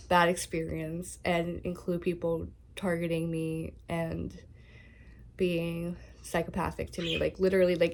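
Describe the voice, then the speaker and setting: A woman singer-songwriter talking candidly and softly to camera from her bedroom, open about her feelings. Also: lowish voice, vocal fry, a little hiss or hum. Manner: soft-spoken, candid, emotional. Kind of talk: casual talk to camera.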